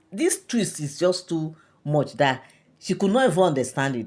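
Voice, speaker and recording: Low-voiced Nigerian woman telling gossip. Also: very animated, moderate pace, a little mellow. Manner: chatty, repeats herself, lots of hesitations. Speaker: celebrity gossip vlogger. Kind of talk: casual gossip storytelling.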